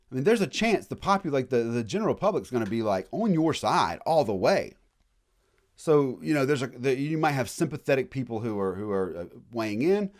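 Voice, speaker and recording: A man giving a casual college history lecture in a classroom, joking and acting out quick voices of historical groups. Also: medium pitch, a little mellow.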